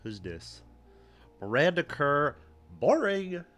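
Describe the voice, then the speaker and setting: Slow-talking low-voiced man. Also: expressive, a bit bright, soft background music. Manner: offhand, mocking, trailing off with fillers. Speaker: podcast co-host. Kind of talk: casual outfit commentary on a livestream.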